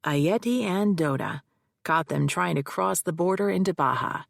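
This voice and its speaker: A woman's voice: lowish voice, normal speed, creaky, dry recording, clean studio sound. A woman narrating an audiobook voices a blunt male investigator in clipped, terse lines.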